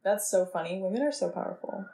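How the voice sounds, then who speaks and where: A woman's voice: mid-range voice, fast, vocal fry, mellow, slightly rough, low-quality recording. A woman co-hosting a podcast in casual chat, chiming in with short agreements and finishing her friend's sentences. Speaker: podcast co-host.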